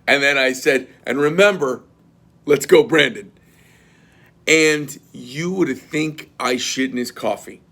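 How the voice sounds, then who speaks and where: A middle-aged man tells a story in a blunt, swearing rant. His delivery is animated and plainspoken. His voice sits at an ordinary pitch for a man. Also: slow pace, vocal fry. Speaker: knife company owner.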